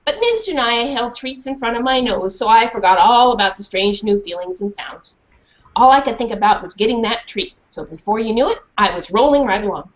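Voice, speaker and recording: Reading a storybook to a school class, a female children's author speaks in a slightly high, brisk voice. She's animated and keeps asking the children questions, captured on a dull lo-fi recording.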